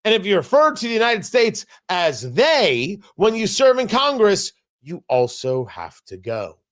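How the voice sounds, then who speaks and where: A man's voice: high voice, huge pitch swings, unhurried, a bit bright. A man hosting a political commentary show, delivering a combative, sarcastic opinion monologue with emphatic repetition.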